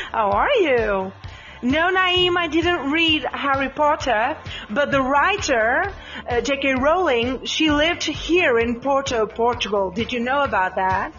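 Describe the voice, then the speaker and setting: A woman's voice: high voice, lively intonation, slow, a bit bright, muffled recording, soft background music. A woman with a mixed British and American accent, hosting a casual live chat, rambling with fillers and addressing listeners by name. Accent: mix of British and American English.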